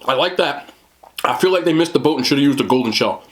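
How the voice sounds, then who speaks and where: A man's voice: fairly high pitch, animated, fast. A man with a New Jersey accent doing a casual food review, blunt, profane and joking.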